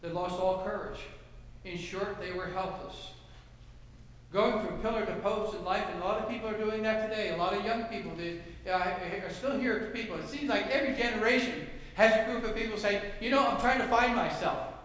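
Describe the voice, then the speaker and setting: A male pastor preaching a sermon, swinging from low, soft passages to loud shouted cries. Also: normal speed, slight background noise. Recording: echoey hall with long reverb.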